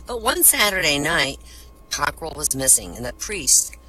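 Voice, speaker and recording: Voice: medium pitch, big pitch swings, normal speed, bright, forceful tone, soft background music, poor audio. A stand-up comedian telling a string of jokes at an open mic in an online voice room, chuckling at the punchlines.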